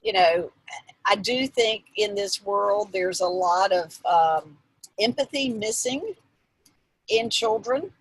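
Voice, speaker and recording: A woman's voice: mid-range voice, animated, slow pace, breathy edge, no echo, poor audio. A woman guest expert explaining emotional skills in an earnest, instructive way, with restarts and fillers. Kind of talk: explanatory interview answers.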